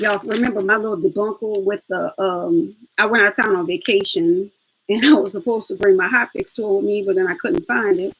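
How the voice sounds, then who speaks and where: A woman's voice: medium pitch, fairly even intonation, fairly quick, a bit bright, a little hiss or hum, rough recording. A woman hosting a casual step-by-step craft tutorial, chatty and laughing as she talks to her viewers.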